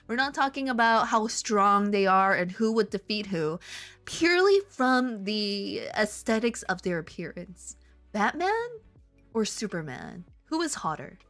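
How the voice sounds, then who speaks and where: A woman's voice: a little high, a bit bright. Playful rambling woman streamer. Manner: playful, rambling, with theatrical outbursts. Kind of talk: casual live-stream chat while drawing.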